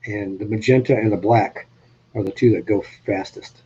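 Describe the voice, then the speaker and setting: A man with a New England accent, his voice low, dark and husky, hosting a rambling, easygoing live-stream chat. The audio is dull and lo-fi. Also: steady tone, moderate pace. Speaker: host.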